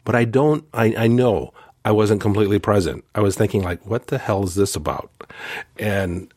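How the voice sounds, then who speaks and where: A man casually telling a personal story in a candid, self-deprecating way, with fillers and quick asides. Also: on the low side, dry recording, studio quality. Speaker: host recounting a personal lesson.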